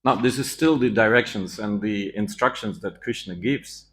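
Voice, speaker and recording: A man's voice: lowish voice, normal speed, fairly bright tone. A man giving a scripture class in a temple, telling the story with animation and acting out the quoted lines.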